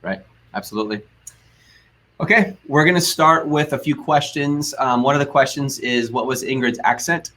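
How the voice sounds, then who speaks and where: An upbeat American man hosts a live business webinar, his voice sitting at an ordinary middle pitch. He chats casually, tosses in asides and laughs easily while taking viewer questions. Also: moderate pace, pushed and bright, slight background noise. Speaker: host.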